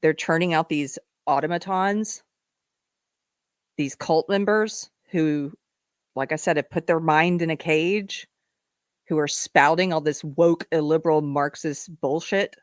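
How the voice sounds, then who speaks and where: A woman hosting a live political commentary show, sarcastic and animated, often breaking into laughter. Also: low voice, a little slow, no echo, studio quality. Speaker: host.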